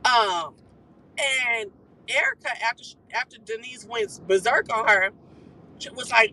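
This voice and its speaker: A live-stream host dishes gossip from behind the wheel, talking quickly and swearing freely. The voice is bright and forceful, with an animated, chatty delivery. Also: medium pitch, a little hiss or hum, rough recording. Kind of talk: casual gossip recap. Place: car while driving.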